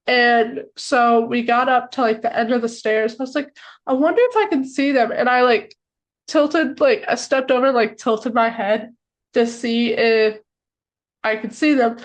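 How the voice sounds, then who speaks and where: An excitable young American woman tells a long story on a podcast. She speaks in a fairly high voice and scatters "like" through every sentence. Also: unhurried, low-quality recording. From United States. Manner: excitable, filler-heavy with lots of "like". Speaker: podcast co-host. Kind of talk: casual storytelling chat.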